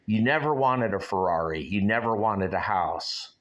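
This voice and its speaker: A man in his sixties voicing a calm, encouraging male ghost who gives him gentle, philosophical advice. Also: lowish voice, moderate pace, lightly acted. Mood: reassuring. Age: 60s.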